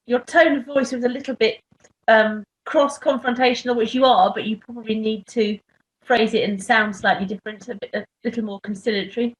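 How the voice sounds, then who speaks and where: Woman, workshop participant, tentative thoughtful suggestions, slightly high voice. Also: steady tone, brisk, rough recording. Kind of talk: giving coaching feedback. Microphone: video call.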